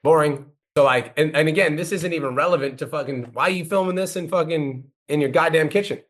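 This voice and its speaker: Brash fast-talking profane man. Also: on the high side. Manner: brash, profane, rapid-fire. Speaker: host coaching a guest. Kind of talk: blunt profane coaching critique.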